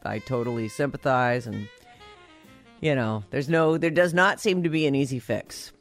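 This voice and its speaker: A woman's voice: rumbling low, moderate pace, soft background music. A woman co-hosting a casual podcast chat, teasing her co-host and laughing easily.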